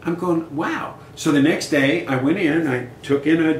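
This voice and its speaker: An older man in his sixties tells stories with lively energy, slipping into the voices of the people he quotes. His voice sits fairly high for a man. The recording has a roomy echo and faint background noise. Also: fairly quick. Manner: animated storyteller acting out quoted dialogue. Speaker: guest musician. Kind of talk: casual storytelling interview. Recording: echoey room with faint noise.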